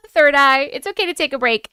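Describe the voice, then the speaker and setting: A woman's voice: high-pitched, pushed and bright, no room sound, clean studio sound. A woman hosting a live stream, chatting casually and swearing freely before reading viewer stories.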